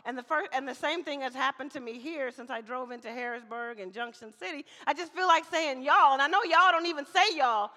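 Woman preacher from Mississippi, bright voice, slightly hoarse, chatty sermon, long hall reverb. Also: high voice, brisk, few pauses. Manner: lively, chatty, calls for amens. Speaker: guest preacher. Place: church hall.

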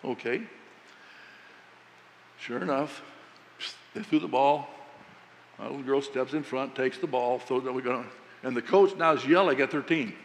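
A man's voice: mid-range voice, moderate pace, long pauses, slight background noise. Preacher man in a reverberant hall. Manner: folksy storytelling, animated, quotes himself. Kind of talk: sermon with a personal story.

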